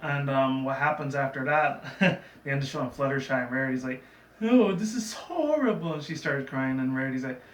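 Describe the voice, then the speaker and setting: A man's voice: medium pitch, monotone, fairly quick, fairly bright tone. A man casually recapping a cartoon episode in a chatty, digressive way, with lots of fillers. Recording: roomy, from a distant mic, faint background noise.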